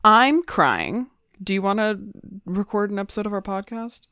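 A woman's voice: medium pitch, very animated, moderate pace, sharp tone, smooth. A woman co-hosting a podcast in casual chat, giggling, gushing and swearing freely. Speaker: podcast co-host.

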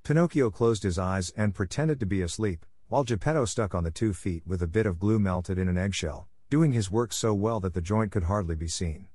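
A man narrating a classic storybook in a steady, measured reading voice. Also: deep voice, dry recording, clean studio sound. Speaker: audiobook narrator.

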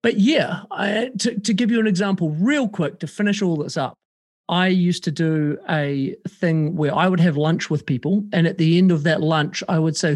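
On a remote call, a podcast guest chats casually and animatedly, swearing freely and acting out quoted voices. His voice is high-pitched and moves at a normal speed.

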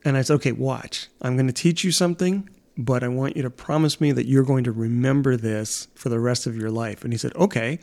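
A man's voice: mid-range voice, a little fast, gravelly, hardly any pauses, a little mellow. A middle-aged man telling family anecdotes in casual chat, a rambling storyteller who laughs often. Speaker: podcast co-host and father.

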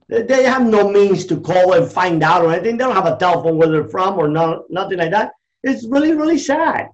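A man's voice: high voice, a little mellow, muffled recording. A middle-aged man talking in a fervent, preachy, emphatic way, loose and conversational. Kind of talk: passionate conversational talk.

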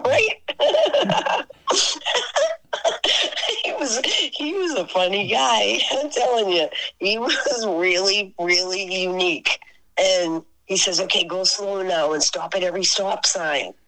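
An older woman, a singer and podcast guest, telling a story in casual chat, animated and laughing often as she acts out both sides of a conversation. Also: on the low side, poor audio. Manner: animated, laughing often, voices her friend's lines.

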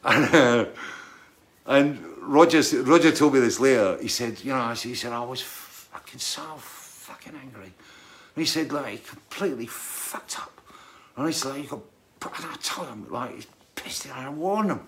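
A man tells a rambling backstage story at an ordinary pitch. He keeps tagging his sentences with "right?" and breaks into laughter as he goes. His voice sits in a middle register. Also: expressive, moderate pace, slight background noise. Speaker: touring musician telling a story. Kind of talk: casual anecdote telling.

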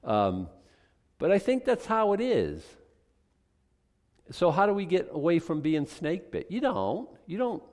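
A man's voice: a little high, big pitch swings, unhurried, pauses often, darkish tone. Chatty joking male pastor. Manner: conversational, joking, rambling. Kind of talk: sermon.

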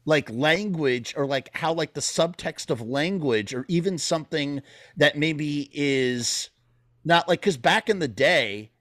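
A man's voice: on the high side, lively intonation, unhurried, fairly bright tone, no room sound, studio quality. Emphatic man, rambling podcast talk. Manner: rambling, emphatic storyteller, frequent swearing. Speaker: podcast co-host. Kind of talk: casual podcast discussion.

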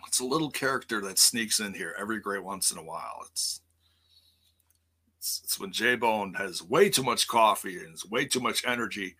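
A man hosting a casual live-streamed wrestling news show, rambling with lots of fillers, quick self-corrections and jokes. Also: fairly low pitch, animated, bright, forceful tone, slightly rough.

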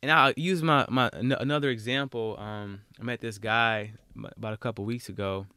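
A young man from Alabama, hosting a solo podcast and talking bluntly, getting animated and repeating words when worked up. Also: on the low side, moderate pace, clean tone, no room sound, clean studio sound. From Alabama, US South. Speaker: podcast host.

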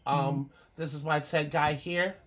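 A man's voice: fairly high pitch, fairly even intonation, unhurried, a loud crowd. A man hosting a podcast, telling a brash, self-mocking story in casual chat. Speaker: podcast host.

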